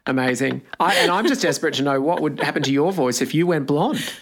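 A woman's voice: deep voice, fairly quick. A woman co-hosting a podcast in casual chat, teasing her co-host with a dry wit.

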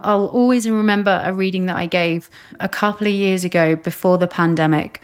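A woman from the UK with a slightly low voice, chatting as a podcast guest. She tells her stories with animation and slips into the voices of the people she quotes. Her talk is casual and flowing. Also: fairly quick, clean tone. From United Kingdom. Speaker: psychic medium guest.

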